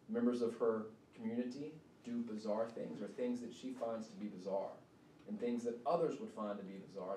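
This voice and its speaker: A man's voice: lowish voice, warm tone. A male author giving a conversational public talk at a university, often asking "right?". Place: university event hall. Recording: echoey hall, mic from far off, faint noise.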